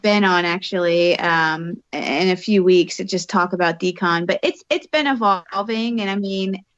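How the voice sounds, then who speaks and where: A woman co-hosting a podcast in casual chat, bubbly and quick, often repeating words as she gets going. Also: lowish voice, dull audio. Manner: bubbly, fast-talking, repeats words when excited. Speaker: podcast co-host.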